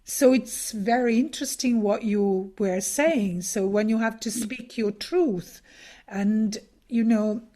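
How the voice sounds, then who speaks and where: A woman in her fifties hosts a podcast, her voice sitting a little high. She speaks slowly and thoughtfully, with many fillers as she gathers her points. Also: warm tone. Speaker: podcast host. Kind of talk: casual podcast conversation.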